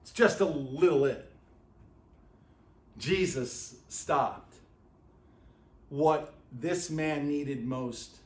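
A man preaching a sermon as pastor, swinging between hushed intensity and excited shouts. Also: medium pitch, roomy sound, slight background noise. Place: church sanctuary.

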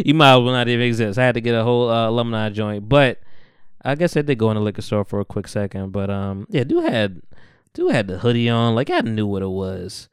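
A man's voice: mid-range voice, very animated, brisk, clear, resonant tone, dry recording, clean studio sound. A young man hosting a podcast, recapping a TV episode in casual, slangy chat and acting out the characters' lines. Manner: slangy, laid-back, acts out characters' lines. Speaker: podcast host.

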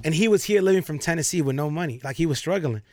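A young man co-hosting a radio show, talking in casual, animated studio banter, swearing freely and laughing often. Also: a little high, quick pace, dry recording.

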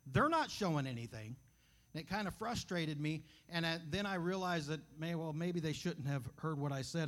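A man preaching in a church, reading scripture, praying and telling a folksy story in an earnest, conversational way. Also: a little high. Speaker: guest preacher. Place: church sanctuary.

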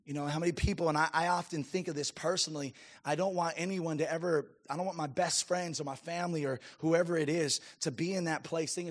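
A man's voice: on the high side, steady tone, fast talker. A man preaching a sermon as a pastor, emphatic and calling out to his congregation. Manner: emphatic preaching with audience call-outs.

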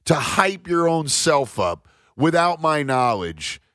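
Man, radio host, casual profane banter, lively pitch, dry close sound. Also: takes it slowly, no room sound. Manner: loose, profane, animated storytelling.

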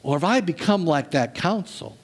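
A man preaching a sermon as a pastor, dramatic, asking rhetorical questions and dropping his voice low for emphasis. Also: animated, moderate pace. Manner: rhetorical questions, humorous asides.

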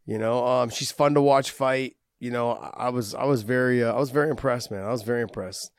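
A man's voice: mid-range voice, fairly quick, clean tone, no echo. Man, podcast host, casual chat, loose and profane, dry close sound. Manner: profane, easygoing, rambling.

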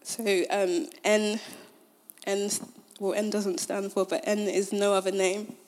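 A woman's voice: medium pitch, level tone, takes it slowly, darkish tone. A young woman giving a casual sermon. She is conversational, uses many fillers, and retells scripture in modern slang. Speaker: speaker at a Christian gathering.

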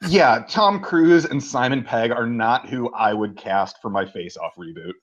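A man co-hosting a podcast, telling a movie plot in a casual, animated way and swearing freely. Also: mid-range voice, unhurried, highs cut off. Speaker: podcast co-host. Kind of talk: casual movie recap chat.

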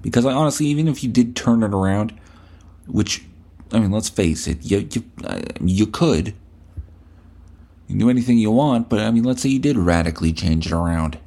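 A man's voice: lowish voice, animated, fairly quick, mellow. A male podcast host delivering a blunt, profane, scolding rant at the listener. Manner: blunt, scolding, heavy swearing.

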